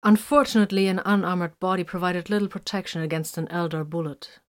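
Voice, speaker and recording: Woman reading a story in a low voice. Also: steady tone, fast. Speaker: narrator.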